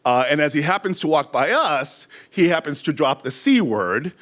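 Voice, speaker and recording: A middle-aged man telling a live story on stage, animated, acting out shouted quotes. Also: a little high, normal speed.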